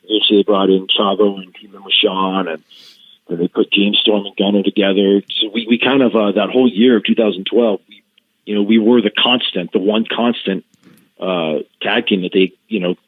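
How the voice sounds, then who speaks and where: A man's voice: lowish voice, brisk, slightly rough, no room sound. Middle-aged male podcast guest on a phone-like line. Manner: animated storyteller, hesitant restarts. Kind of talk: casual storytelling in an interview. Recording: thin phone-like call line.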